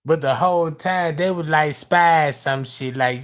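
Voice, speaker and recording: Slow, animated voice lecturing viewers. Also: medium pitch. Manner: animated, emphatic, addresses audience directly; profane street slang. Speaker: commentator. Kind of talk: casual video commentary to viewers.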